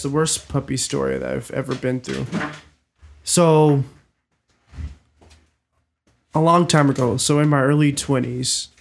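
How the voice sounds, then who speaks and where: Gravelly-voiced man telling a rambling story. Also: mid-range voice. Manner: rambling, lots of restarts and swearing. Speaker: storyteller on a group podcast. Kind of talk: casual storytelling chat. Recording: roomy echo.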